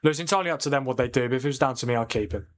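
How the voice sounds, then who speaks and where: A man's voice: medium pitch, very fast. A man hosting a live football watchalong, chatting with viewers and reacting to the match as it plays. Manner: chatty, reads and answers viewer comments; excitable reacting to match incidents. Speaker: watchalong streamer.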